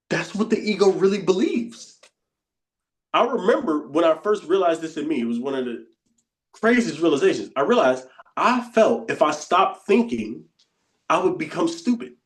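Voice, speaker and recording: Man, coach, casual spoken lesson, repetitive, slightly high voice. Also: sing-song, a little slow, long pauses. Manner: conversational, repeats phrases, acts out inner voices quietly. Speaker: coach teaching a bootcamp session.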